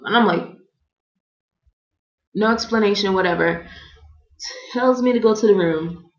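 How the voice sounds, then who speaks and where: A young American woman telling a comedic personal story in an animated way, acting out other people's lines in quick voices. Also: mid-range voice. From United States. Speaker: vlogger. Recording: echoey room, dull lo-fi sound.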